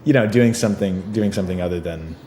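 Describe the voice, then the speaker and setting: A man's voice: low voice, quick pace. A man, an actor being interviewed, chatting casually with many fillers and easy laughs. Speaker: actor guest. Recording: echoey room with faint noise.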